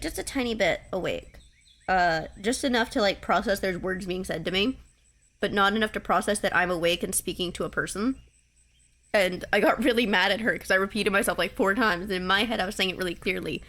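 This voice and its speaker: A woman's voice: medium pitch, fairly bright tone. A young woman streamer chatting casually while playing a game, rambling and giggly as she tells stories. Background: game music.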